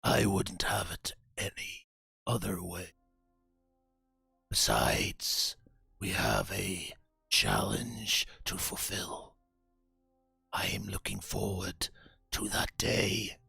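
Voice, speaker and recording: A man voicing a menacing male warlord who commands witches and soldiers, speaking slowly in cold half-whispers. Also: sits low, gravelly, pushed and bright, breathy edge, no room sound, faint music behind, heavily acted.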